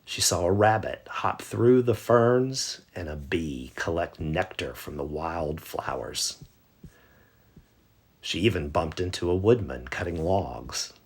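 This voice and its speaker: A man narrating a bedtime story in a gentle, measured way. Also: low-pitched, expressive, husky.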